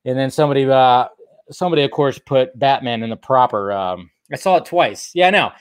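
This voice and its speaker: A fairly high-voiced man talks through movie news in a loose, rambling commentary. He gets excitable and swears freely, jumping from one thought to the next. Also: normal speed. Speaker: online movie news host. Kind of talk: casual solo commentary vlog.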